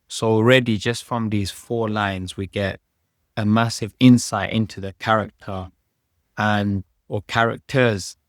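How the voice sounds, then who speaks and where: A man with a British accent teaching a lesson on English writing, explaining in a measured way and reading passages aloud. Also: lowish voice, dry recording, studio quality.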